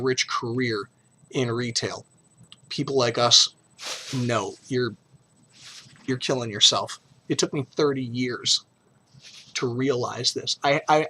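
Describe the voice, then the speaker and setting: A man's voice: medium pitch, sharp tone, a little hiss or hum. A middle-aged man talking frankly and emotionally in a personal vlog, blunt and profane but earnest. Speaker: vlogger.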